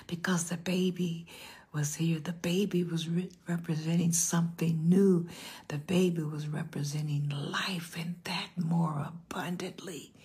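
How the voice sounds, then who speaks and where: An older woman pastor delivers an animated storytelling sermon in a church. Her voice is deeply husky and breathy and sits slightly low. She acts out the people in her story as she goes. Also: a little slow.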